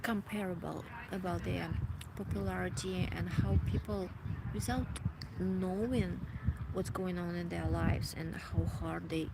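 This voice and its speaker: Slow, halting emotional woman vlogger. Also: lowish voice, level tone, vocal fry. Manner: halting, searching for words, many restarts. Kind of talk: reflective personal monologue. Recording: loud background noise.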